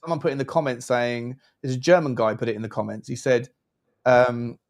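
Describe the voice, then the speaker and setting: A man's voice: mid-range voice, a little fast. A man hosting a casual football watchalong, jokey and playful, chatting through the match. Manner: jokey, animated, puts on silly voices. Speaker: host.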